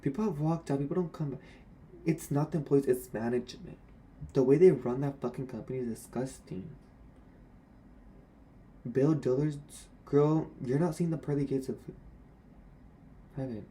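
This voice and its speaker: A man's voice: mid-range voice, moderate pace, pauses often, mellow. A young man, a former retail worker, speaking to camera in a candid, sassy and blunt rant about old coworkers.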